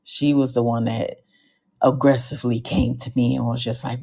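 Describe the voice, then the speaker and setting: A woman with a very low, gravelly voice hosts a live podcast show. She tells stories in an animated, slangy way and keeps throwing comic asides to the crowd. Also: moderate pace. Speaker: podcast host.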